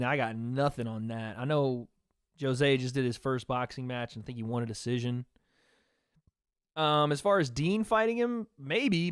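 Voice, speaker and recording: A man's voice: a little high, clear, resonant tone, dry recording, clean studio sound. A man hosting a casual livestream, chatting loosely with his viewers and reading out their donations. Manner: chatty, reads donations aloud, talks to chat. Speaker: livestream host.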